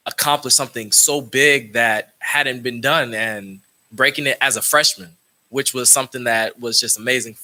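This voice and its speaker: Male coach, bright ringing voice, rambling storyteller with restarts. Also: medium pitch. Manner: storytelling, many restarts, acts out quoted dialogue. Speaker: track coach. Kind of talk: speech at a public meeting.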